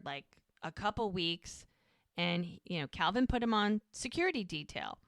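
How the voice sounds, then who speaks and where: A woman co-hosting a podcast, casually recapping a TV episode and acting out the characters' lines in an animated way. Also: medium pitch, moderate pace, no echo, clean studio sound. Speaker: podcast co-host.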